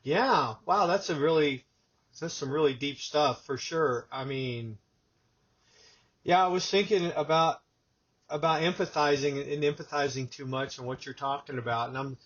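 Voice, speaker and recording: Host type: husky male voice, higher pitched, animated storyteller, dull lo-fi audio. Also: normal speed. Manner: animated storyteller, acts out quotes. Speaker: podcast host. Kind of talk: casual conversation.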